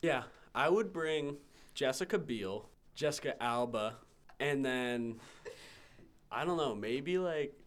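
A man's voice: medium pitch, expressive, slow pace, a bit bright. A young man answering questions in a casual chat, easygoing and a little hesitant.

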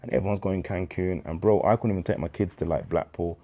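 Deep-voiced man. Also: fairly even intonation, fast, warm tone, highs cut off. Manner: street slang, storytelling, acts out dialogue. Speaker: interview guest. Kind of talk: candid faith testimony.

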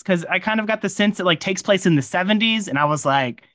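A man's voice: high voice, animated, fast, a bit bright, no echo, studio quality. A man hosting a casual behind-the-scenes podcast interview about his audio drama, rambling into friendly tangents with lots of fillers.

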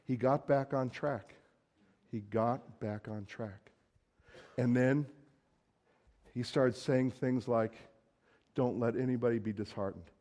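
A man's voice: mid-range voice, fairly even intonation, takes it slowly, long pauses, dark tone. A man preaching a sermon in a conversational, emphatic way, acting out quoted lines.

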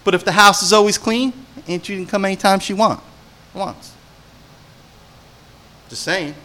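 A male pastor giving an animated sermon, swinging between hushed and loud delivery and often putting questions to his listeners. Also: high-pitched, normal speed.

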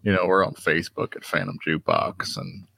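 A man's voice: deep voice, very animated, brisk, gravelly, pushed and bright. A man guesting on a podcast, laid-back and rambling as he chats casually. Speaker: podcast guest, band member. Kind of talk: casual chat.

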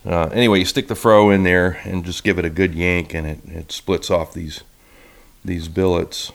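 Deep-voiced man giving a rambling talk. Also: normal speed, vocal fry. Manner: relaxed and rambling, with restarts. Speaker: violin maker giving a talk. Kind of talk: casual slideshow talk.

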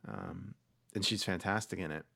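A podcast host talks casually about movies at normal speed, rambling with many fillers and restarts. His low voice is creaky, sharp-toned and husky, captured with no echo and clean studio sound.

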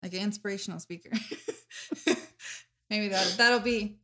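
A chatty woman hosting a casual podcast conversation, her voice bright and forward. She gushes freely and leans on lots of "like" and "um" as she talks. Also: medium pitch, moderate pace. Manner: chatty, gushing, full of fillers. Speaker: podcast host. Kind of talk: casual chat.

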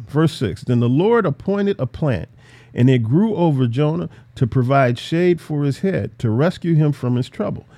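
A man teaching through a Bible passage in a casual, animated way, acting out the characters' lines. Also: fairly high pitch. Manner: animated, voices biblical characters, laughs often.

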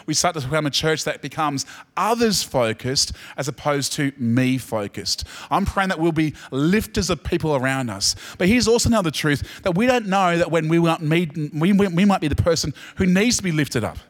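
A man with an Australian accent preaching a sermon as pastor, swinging from soft, chatty asides with the congregation to loud, emphatic peaks. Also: fairly high pitch, lively intonation, moderate pace.

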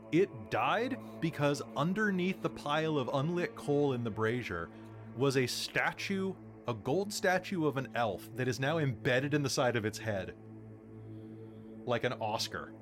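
A man narrating as game master in a casual, animated way. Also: mid-range voice, moderate pace, music in the background.

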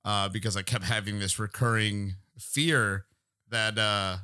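A man's voice: fairly low pitch, fairly even intonation, unhurried, bright, forceful tone, clear, resonant tone, no echo, clean studio sound. A man as a podcast guest, telling a rambling, profane story and laughing through it. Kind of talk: casual storytelling.

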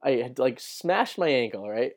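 A man's voice: mid-range voice, big pitch swings, moderate pace. Rambling, profane young man telling a story. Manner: rambling, profane, fills with "right?" and "like". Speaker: podcast host. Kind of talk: casual storytelling monologue.

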